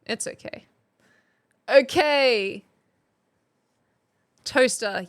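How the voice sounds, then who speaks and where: Woman streamer, young adult, unhurried and fairly high, reads chat aloud with frequent laughs. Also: expressive, fairly bright tone. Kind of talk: casual live-stream chat.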